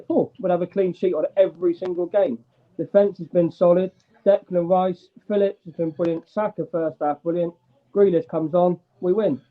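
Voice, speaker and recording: High-pitched fan on a tinny line. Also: male voice. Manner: enthusiastic, rambling. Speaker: fan caller. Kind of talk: casual football chat.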